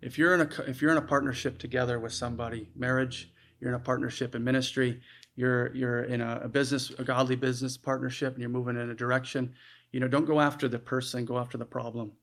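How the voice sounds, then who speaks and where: Speaking fast and in a mid-range pitch, this man preaches a sermon casually and conversationally. His tone is earnest and personal, and he often breaks off phrases and starts them again.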